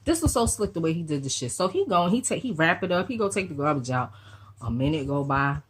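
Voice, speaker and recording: A woman with a low, husky voice, still getting over a cold, tells a story straight to her viewers. She talks fast and loose, full of slang and swearing, and keeps the story moving with lively asides. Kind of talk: casual storytime vlog.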